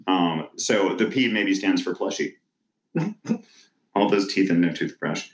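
A man with a very low voice hosts a loose brainstorming session, reading out suggestions and reacting with delight. His voice carries a noticeable echo from the room around him. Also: animated, takes it slowly. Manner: enthusiastic, laughs often. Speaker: podcast host reading listener suggestions. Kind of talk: casual brainstorm chat.

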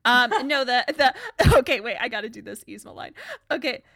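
A woman's voice: fairly high pitch, fairly quick, creaky, fairly bright tone. A woman co-hosting a casual chat, bubbly and laughing a lot. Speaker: podcast co-host. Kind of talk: casual chat reviewing favorite movie quotes.

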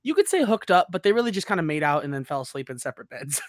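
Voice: medium pitch, very animated, rapid-fire, no echo, clean studio sound. A host giggling through a casual TV episode recap on a podcast. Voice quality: chatty, laughs often, puts on voices when quoting characters.

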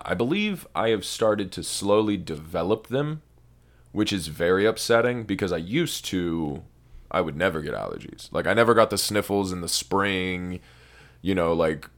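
A man's voice: sits low, animated, measured pace. A young man co-hosting a podcast, rambling and swearing in casual stoned chat. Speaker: podcast co-host.

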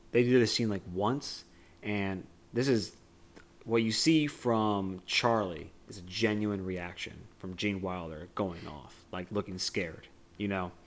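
A man's voice: on the low side, slight background noise. A man co-hosting a podcast, discussing a movie in a rambling, casual way with many fillers. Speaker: podcast co-host.

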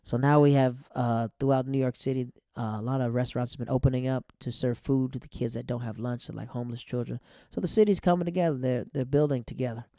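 A man's voice: medium pitch, fairly even intonation, quick pace, mellow, dry recording, clean studio sound. A young man hosting a podcast, chatting loosely and laughing at his own stories. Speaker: podcast host. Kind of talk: casual storytelling monologue.

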